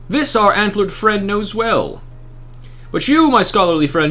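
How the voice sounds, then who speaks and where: Man playing a pompous, booming holiday saint. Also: sharp tone, full character voice. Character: grand jolly male holiday saint, theatrical.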